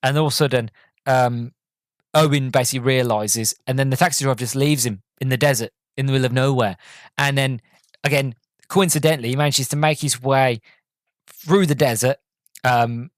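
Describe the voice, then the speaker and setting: Guy rambling through a movie recap, dry close mic, pretty average pitch. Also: steady tone, a little fast, no room sound. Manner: rambling, enthusiastic, many restarts. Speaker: podcast host. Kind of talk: casual movie review.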